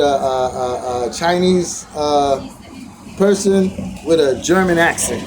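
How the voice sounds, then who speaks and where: A man with a somewhat high voice shares a rambling, reflective story with his viewers, circling back and restarting his sentences as he goes. He gets animated when he retells moments of being challenged. Quiet outdoor ambience hums faintly behind him. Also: a little hiss or hum, rough recording. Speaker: vlogger sharing a daily teaching.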